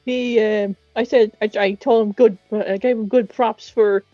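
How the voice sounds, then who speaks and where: A woman's voice: fairly high pitch, fairly even intonation, unhurried, warm tone, no echo, highs cut off, faint music behind. An Irish woman talking eagerly in casual chat, often restarting her sentences. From Ireland. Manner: enthusiastic, repeats starts. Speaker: voice actor and co-host.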